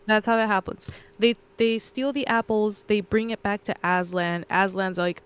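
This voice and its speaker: A woman co-host chatting her way through a story recap, circling back and correcting herself as she goes. Her voice is smooth and clear, sitting at an ordinary middle pitch. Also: normal speed, few pauses. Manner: rambling, loose recap full of fillers and self-corrections. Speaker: podcast co-host. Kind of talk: casual chat, retelling a story.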